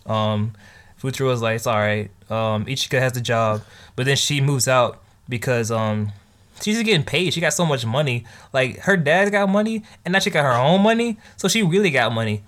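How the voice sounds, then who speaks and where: Animated man reviewing anime. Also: medium pitch, normal speed. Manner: animated, slangy, laughing often. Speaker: host. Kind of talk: casual anime review chat.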